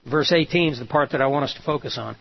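A man's voice: mid-range voice, quick pace, vocal fry, breathy edge. A male pastor preaching a sermon, retelling a story and voicing the quoted lines with emphasis. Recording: dull lo-fi sound.

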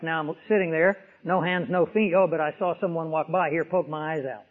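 A man's voice: on the high side, fairly even intonation, brisk, few pauses. A man preaching an expository sermon, emphatic, with vivid illustrations. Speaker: pastor. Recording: tinny radio broadcast with long reverb.

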